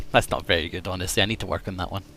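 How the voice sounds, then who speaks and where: A man's voice: low voice, steady tone, fast, a bit bright, a little hiss or hum. A man streaming a game, chatting casually and joking about his own attempts at voices. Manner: playful, self-critical, trying out voices. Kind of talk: casual gaming livestream chat.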